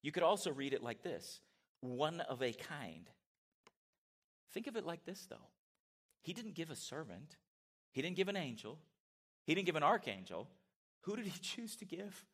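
A middle-aged man preaching a sermon in a church, animated and conversational, with asides to his congregation. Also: on the high side, normal speed, long pauses, slightly rough. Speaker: pastor. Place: church sanctuary.

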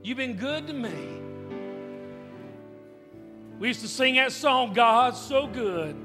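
A preacher delivers an emphatic, repetitive revival sermon in a very high, bright, forceful voice. His words ring out with the long reverb of a church hall, and soft music plays faintly underneath. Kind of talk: revival sermon with altar call. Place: church sanctuary.

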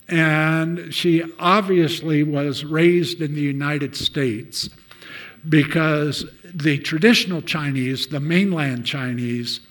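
A man preaching a sermon, telling a story and loudly acting out the lines of the people in it. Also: on the high side. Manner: storytelling, shouts out acted quotes.

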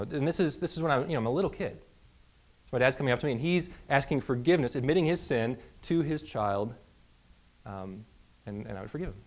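A man in his thirties, a pastor giving a sermon in an easy conversational way, often checking in with "right?" and "okay?". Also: fairly high pitch. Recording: dull lo-fi recording.

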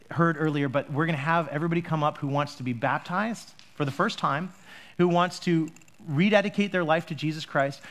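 Animated high-voiced male pastor. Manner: chatty, joking, animated. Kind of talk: sermon. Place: church.

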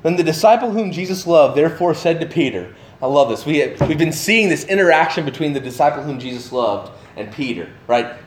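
A man giving a sermon, animated and full of questions to his listeners, acting out the voices of the people in his story. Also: on the high side, brisk, few pauses, roomy sound, a little hiss or hum. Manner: animated, acts out voices of the disciples; asks the listeners many questions. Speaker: pastor.

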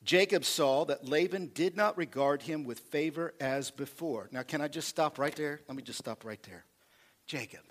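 A man preaching with animated energy, leaning into call-and-response with his congregation. His voice sits a bit high and rises and falls widely as he drives home each point. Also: normal speed. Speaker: pastor. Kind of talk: sermon.

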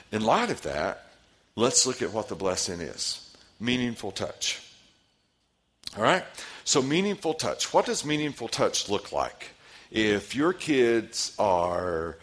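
A man's voice: on the low side, a bit bright. A man in his forties, a pastor leading a parenting seminar, who asks the audience questions and repeats their answers. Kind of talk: interactive seminar talk.

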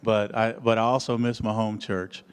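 A man, an associate pastor, introducing a guest preacher with halting, earnest words. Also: lowish voice, little pitch movement, clear, resonant tone. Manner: halting, filler-heavy, earnest. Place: church hall. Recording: echoey church hall.

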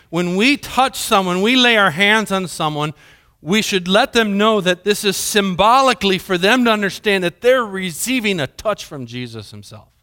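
A man's voice: on the high side, bright, forceful tone. A male pastor preaching a sermon in church, earnest and conversational, asking the congregation questions. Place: church sanctuary.

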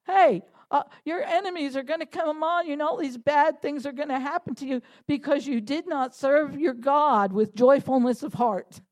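A woman with a high voice preaches a lively sermon. She talks animatedly, laughs as she goes, and rises into fervent shouted prayer. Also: moderate pace, few pauses.

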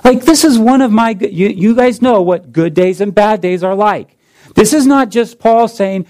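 A man in his thirties preaching a sermon as pastor, deliberate, with repeated phrases and rhetorical questions. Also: high-pitched, a little mellow, low-quality recording.

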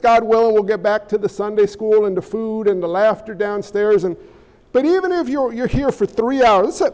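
A male pastor with a strikingly high voice delivers an animated sermon. He peppers the congregation with rhetorical questions and drops in the odd joking aside along the way. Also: highs cut off.

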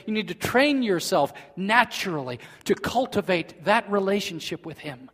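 Guy preaching in church, kinda high voice, big echoey hall, goes loud then really quiet. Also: expressive, normal speed, hardly any pauses. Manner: earnest, swinging from loud emphasis to hushed. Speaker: pastor. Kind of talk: sermon. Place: church sanctuary. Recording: long reverb of a large hall.

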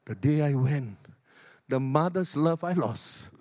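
An older man from Singapore with a Singaporean English accent, preaching a sermon as a pastor. He moves between loud exhortation and soft, low asides. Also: animated, slow pace, dry recording, clean studio sound.

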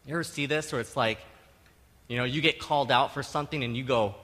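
A middle-aged man preaching a sermon, conversational and animated, tossing in tag questions and acting out quotes with sudden loud bursts. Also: mid-range voice, fast, big-room sound. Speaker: pastor.

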